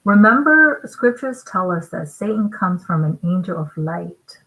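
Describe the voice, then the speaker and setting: A woman giving a sermon-style scripture commentary, emphatic and deliberate, often checking in with her listeners through rhetorical questions. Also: fairly low pitch, expressive, fairly bright tone, rough recording. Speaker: online preacher.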